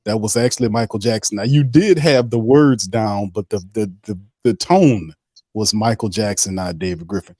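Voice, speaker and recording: A man's voice: fairly low pitch, moderate pace, a little mellow, dry recording. Laid-back man hosting a live stream. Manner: laid-back, reads viewer comments aloud and laughs along. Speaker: host. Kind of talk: casual live-stream chat.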